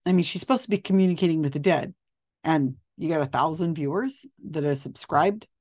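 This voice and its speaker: A woman's voice: sits low, a little fast, a little mellow, no room sound, clean studio sound. A woman giving skeptical, blunt video commentary, talking casually with frequent ums and restarts. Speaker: commentator reviewing psychic videos.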